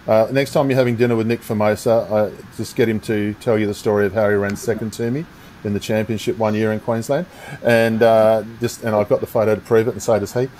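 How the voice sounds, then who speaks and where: A man's voice: on the low side, a little mellow, a little hiss or hum, low-quality recording. An Australian man hosting a casual interview, joking around and encouraging his guests. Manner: jokey and encouraging. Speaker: interview host.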